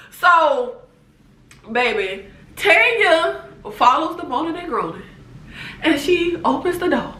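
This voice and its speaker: A woman giving a casual TV show recap, laughing often and talking straight to her viewers. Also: high voice. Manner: animated, laughs often, talks to viewers as "baby" and "y'all". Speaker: TV recap vlogger. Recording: echoey room.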